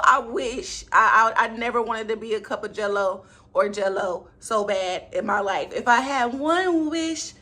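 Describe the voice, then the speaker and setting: Bright-voiced sassy woman film reviewer. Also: fairly high pitch. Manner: animated, sassy, laughing asides, rhetorical questions. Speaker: movie reviewer, channel host. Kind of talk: casual, chatty commentary.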